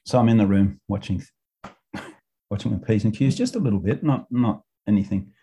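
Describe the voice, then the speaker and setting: Husky, dark-voiced Australian man. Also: on the low side, normal speed. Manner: chatty storyteller, swears freely, laughs often. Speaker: podcast co-host, coach. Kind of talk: casual chat.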